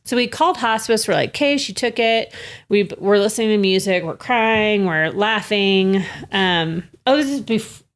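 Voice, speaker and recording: A woman's voice: mid-range voice, normal speed. A woman guest on an interview show, telling a family story in a casual, chatty way with lots of "like", recorded at a home kitchen table. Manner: chatty, says "like" a lot.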